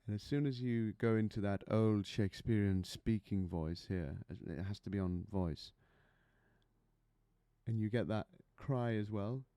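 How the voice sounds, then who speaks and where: Low, mellow-voiced male vocal coach. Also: unhurried, clear, resonant tone, dry recording, clean studio sound. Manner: chatty, explains with demonstrations and anecdotes. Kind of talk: singing lesson to camera.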